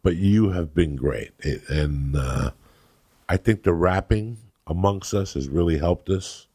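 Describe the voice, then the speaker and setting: A middle-aged man from New Jersey, a comedian host telling loud, crude, rambling stories in casual chat. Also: deep voice, measured pace. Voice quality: gravelly. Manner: loud, rambling and crude, breaking into acted quotes. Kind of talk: profane storytelling chat.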